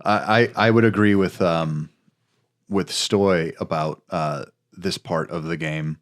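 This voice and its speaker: A man's voice: deep voice, fairly even intonation, slow pace. A man co-hosting a podcast, joking and laughing through a casual chat about a game. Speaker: podcast co-host.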